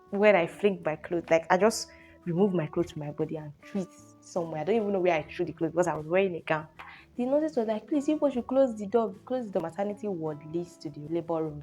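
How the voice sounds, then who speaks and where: Young nigerian woman, storytime vlogger, lowish voice, animated telling, faint guitar music behind. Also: quick pace. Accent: Nigerian English. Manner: animated storyteller, exclamations like oh and hey. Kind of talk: storytime vlog.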